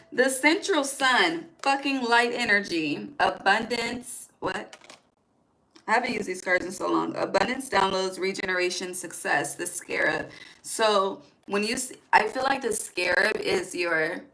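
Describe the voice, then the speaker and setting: A woman's voice: mid-range voice, a little slow, bright, forceful tone, poor audio. Chatty woman reading tarot. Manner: chatty, emphatic, swears freely, talks to viewers directly. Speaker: tarot reader.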